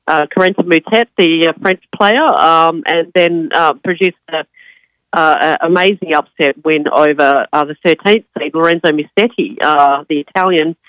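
A woman, hoarse and croaky with a cold, talking tennis as a radio guest in a halting way full of ums and uhs. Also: sits low, fairly bright tone, dry recording, low-quality recording. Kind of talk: radio interview.

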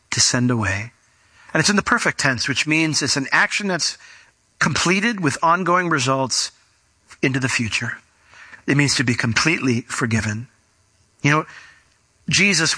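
Male preacher, very bright voice, slightly high, conversational sermon, dry close sound. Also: husky, dry recording. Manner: conversational, acts out quoted voices.

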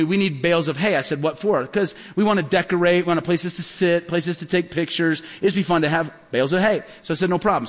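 Male pastor, higher voice, animated storyteller preaching a sermon; long hall reverb. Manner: animated, acts out dialogue in stories.

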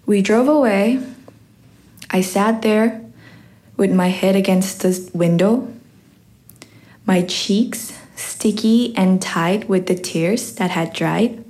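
A teenage girl telling a personal story on stage, slow and reflective. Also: mid-range voice, a little mellow. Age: teens.

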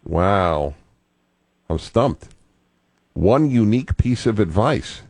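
A man's voice: lowish voice, expressive, takes it slowly, darkish tone. An older man hosting a call-in radio talk show, thoughtful and digressive, often restarting his sentences.

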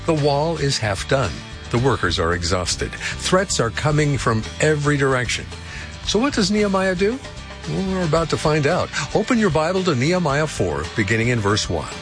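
A man announcing a radio program, reading a smooth scripted introduction. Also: a little high, moderate pace. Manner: smooth, lively announcer read. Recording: guitar music underneath.

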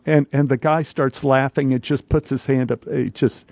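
Male actor, studio interview guest, animated storytelling, acts out voices, stammers, mid pitch, dry dull studio sound. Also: normal speed, dry recording. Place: radio studio.

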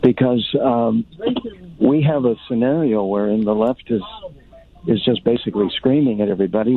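A man calling in to a talk radio show, earnest and wordy. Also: medium pitch. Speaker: caller. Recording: tinny phone line.

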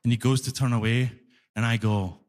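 A Scottish man with a Glasgow accent doing an animated stand-up set, telling a story and acting out the people in it. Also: medium pitch, fairly quick. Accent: Glaswegian. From Scotland. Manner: animated storytelling, ranting impressions. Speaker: stand-up comedian. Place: large concert hall. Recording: live hall reverb.

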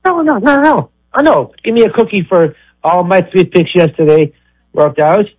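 A man's voice: high voice, moderate pace, slightly rough, no echo. A man calling in to a radio show, eager and reeling off long lists of names. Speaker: caller. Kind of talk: phone-in talk radio. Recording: dull lo-fi phone line.

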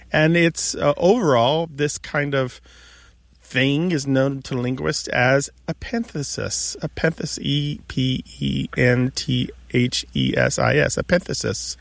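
A man's voice: medium pitch, vocal fry, no echo. A man co-hosting a radio show about words, chatting casually with callers and explaining points of linguistics.

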